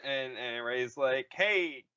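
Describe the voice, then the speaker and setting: A man co-hosting a podcast, casually retelling a movie in a slow, rambling way with crude quoted voices. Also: medium pitch, pushed and bright, clear, resonant tone, lo-fi sound. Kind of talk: casual comedic chat.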